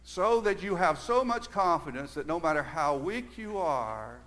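An older man preaching a sermon, earnest, moving between emphatic stresses and quiet, hushed stretches. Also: fairly high pitch, animated, a little slow. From Southern United States.

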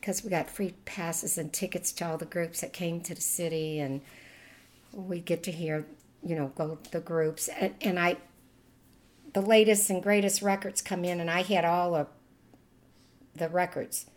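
A woman's voice: on the low side, fairly even intonation, unhurried. An older woman from Louisiana with a Cajun Louisiana accent, chatting and laughing as she tells stories in an oral history interview.

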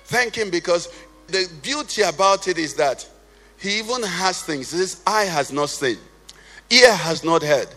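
A pastor delivers a sermon in a high, bright voice. His delivery is sing-song and impassioned, climbing to shouts and sinking to hushed prayer. His voice rings out through a long church reverb over soft music. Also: expressive, measured pace. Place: church sanctuary.

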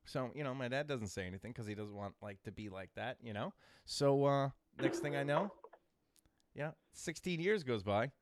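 A man in casual chat, telling rambling hometown stories with halting restarts. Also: mid-range voice, lively intonation, background noise.

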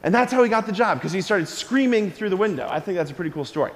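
High-voiced energetic priest preaching. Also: male voice, quick pace. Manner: energetic, engaging the congregation with call-and-response. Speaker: Catholic priest. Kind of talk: homily at a school mass. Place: church. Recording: long church reverb.

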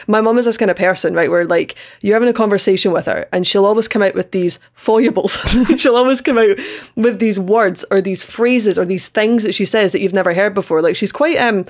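A woman's voice: medium pitch, a little fast, darkish tone. A woman with a Scottish accent, chatting as a podcast guest in a bubbly, enthusiastic way and repeating words she likes. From Scotland. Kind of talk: casual chat.

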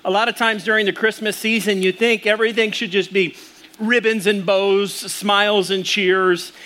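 A man's voice: high voice, fairly even intonation, normal speed, bright, forceful tone. A man in his thirties, a pastor preaching a sermon in a casual, storytelling way with asides to the congregation.

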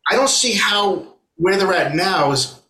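A man who is a musician and a podcast guest, chatting casually and talking in quick, animated bursts. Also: sits high. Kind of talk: casual conversation. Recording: echoey room.

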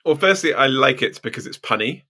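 A man's voice: mid-range voice, lively intonation, brisk, sharp tone, husky. A man co-hosting a podcast, explaining things in a playful, easy way. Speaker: podcast co-host. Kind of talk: casual podcast chat.

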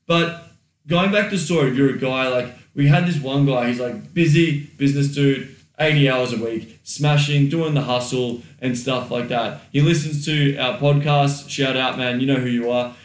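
A man's voice: medium pitch, normal speed, far from the mic. Swearing man with a roomy echo. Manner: blunt, swears freely, acts out quoted thoughts. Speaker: podcast co-host. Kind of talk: casual advice chat. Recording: roomy echo, a little off mic.

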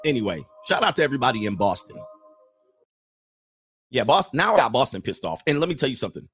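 A man's voice: mid-range voice, very animated, fast, fairly bright tone, soft background music. A man hosting a livestream in casual chat, rambling and laughing often as he reads out viewer messages.

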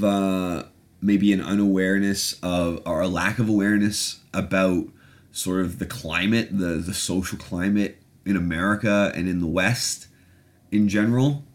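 Brief: a low-voiced male podcast host, rambling and sarcastic, swears freely. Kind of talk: casual chat.

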